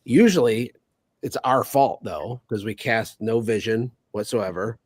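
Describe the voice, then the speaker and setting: A man on a podcast as a guest, talking over his phone in a casual chat, energetic and sarcastic. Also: medium pitch, no room sound. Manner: sarcastic, energetic, rapid asides. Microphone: phone on a call.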